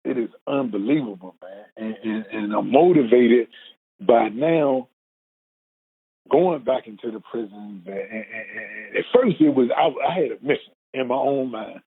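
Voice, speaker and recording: Husky-voiced man on a tinny line. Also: medium pitch, expressive, moderate pace. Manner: earnest, repeats words when moved, acts out quoted speech. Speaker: guest telling his life story. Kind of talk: emotional personal storytelling. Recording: phone-like narrow band.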